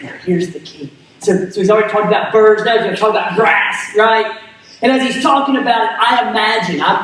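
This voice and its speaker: A man preaching a sermon as pastor, animated, repeating words and asking the crowd "right?". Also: high voice. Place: church hall. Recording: echoey hall, mic at a distance.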